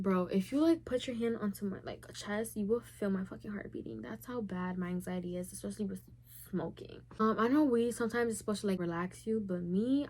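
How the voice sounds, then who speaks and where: A young woman vlogging at an ordinary middle pitch. She answers viewer questions candidly and loosely, in a chatty way. Her sentences run on with plenty of "like". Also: a little mellow. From Puerto Rican heritage. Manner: candid and chatty, heavy use of "like". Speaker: YouTuber. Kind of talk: casual Q&A vlog.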